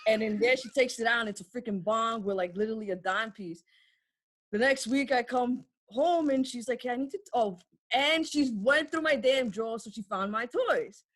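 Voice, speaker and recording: A woman's voice: on the high side, normal speed, dry recording. A woman in her twenties telling a family story in a casual chat, acting out quotes, swearing freely and laughing often. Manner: animated storyteller, acts out quotes.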